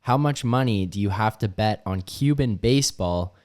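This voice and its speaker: A man's voice: on the low side, moderate pace, darkish tone. A man producing a sports betting podcast, introducing segments and joining the talk plainly. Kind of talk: casual chat.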